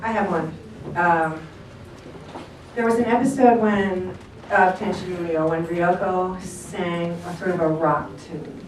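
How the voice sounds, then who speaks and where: A voice actress on a convention panel, telling a story to an audience with frequent laughter. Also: female voice, on the low side, steady tone, slow pace. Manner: chatty storyteller, laughs often. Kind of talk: anecdote told to an audience. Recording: echoey hall, distant mic, background noise.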